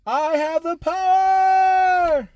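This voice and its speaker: A man doing an impression of He-Man, a heroic sword-wielding cartoon prince, with a booming drawn-out battle cry. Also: very animated, dry recording, studio quality, heavily acted. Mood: triumphant.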